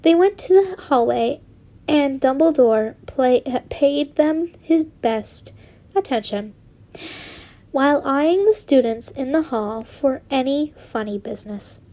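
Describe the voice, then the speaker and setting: High-voiced woman reading fan fiction. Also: animated, slow pace, mellow. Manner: giggly, rambling asides. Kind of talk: casual story reading with asides.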